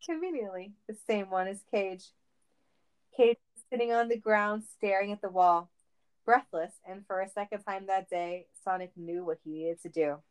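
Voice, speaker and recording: A woman reads a comic story aloud with playful timing. Her voice sits in a middling range, and she keeps the narration lively and teasing. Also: medium pitch, moderate pace, clear, resonant tone, poor audio. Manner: playful, laughing.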